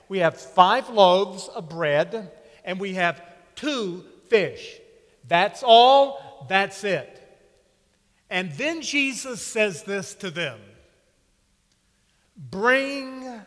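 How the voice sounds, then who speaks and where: A man preaching a sermon with slow, emphatic delivery and dramatic pauses. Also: high-pitched, fairly bright tone. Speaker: pastor. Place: church sanctuary. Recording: long reverb of a church hall.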